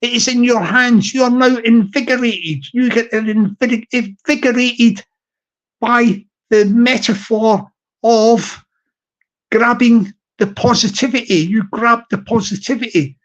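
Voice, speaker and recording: A man's voice: extremely high pitch, a little slow, muffled recording. A man hosting a live stream, rambling in casual chat, repeating himself with an upbeat, ship-captain pep talk.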